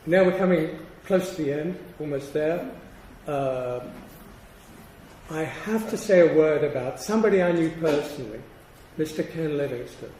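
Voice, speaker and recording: An older male professor lectures in a fairly high voice, stressing his points with measured, deliberate pauses. He sounds set back from the microphone in a roomy hall, with a faint hiss underneath. The delivery is that of an academic lecture. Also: warm tone, recorded from a distance.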